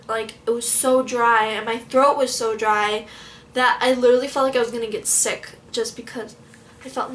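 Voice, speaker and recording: High-voiced young woman telling a story. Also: slight background noise. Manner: animated retelling, frequent fillers, dramatic quoted outbursts. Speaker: vlogger. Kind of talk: storytelling vlog.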